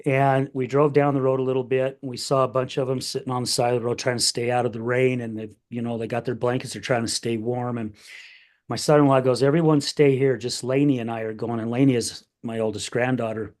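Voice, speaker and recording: A man's voice: mid-range voice, flat delivery, a little fast, a little mellow. Emotional middle-aged man telling a family story. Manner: heartfelt, gets emotional, acts out quoted family voices. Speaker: podcast host. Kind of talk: casual storytelling chat.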